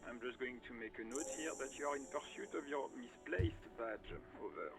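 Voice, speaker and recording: A man's voice: mid-range voice, normal speed, vocal fry, over music, natural voice. A man voicing a formal male radio dispatcher who speaks in clipped radio codes. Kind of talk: voicing game characters aloud.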